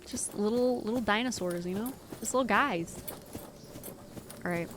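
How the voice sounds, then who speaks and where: A woman's voice: mid-range voice, normal speed. Young woman, live game streamer, rambling and giggly, mid-range voice, light background noise. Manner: rambling, giggly, talks to chat. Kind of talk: casual live-stream chatter while gaming.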